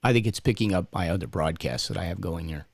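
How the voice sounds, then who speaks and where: Gravelly-voiced man hosting a chatty live stream. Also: sits low, fast, dry recording. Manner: chatty, plugging the channel, calls out viewers. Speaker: co-host of a referee talk stream. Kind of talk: casual live-stream chat.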